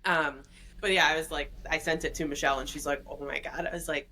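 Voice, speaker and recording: A woman in her thirties co-hosting a casual podcast, talking in a relaxed, rambling way about her kids. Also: sits low, quick pace, rough recording. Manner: relaxed, rambling with many fillers. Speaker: podcast co-host. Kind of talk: casual chat.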